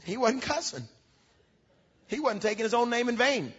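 A pastor preaching a sermon, moving from quiet storytelling to emphatic shouts. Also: male voice, very high voice, quick pace, breathy edge. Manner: emphatic preaching that swings from soft asides to shouts. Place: large church hall. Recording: dull lo-fi recording with long hall reverb.

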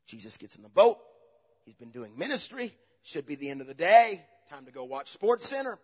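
A man preaching a sermon as pastor, swinging between loud, animated passages and low, quiet asides. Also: brisk. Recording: dull, long reverb of a large hall.

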